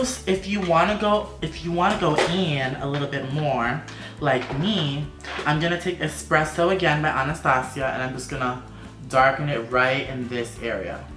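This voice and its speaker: Campy, sassy male makeup vlogger, mid-pitched, echoey room. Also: pushed and bright. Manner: sassy, campy, playful asides. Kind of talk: makeup tutorial vlog.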